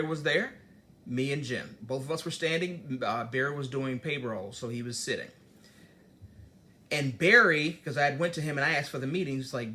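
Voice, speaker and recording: A man's voice: medium pitch, slight background noise. A man hosting his own channel, telling a workplace story in a casual motivational talk and acting out the dialogue as he goes. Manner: storytelling, animated, digresses and acts out dialogue. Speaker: host giving business advice.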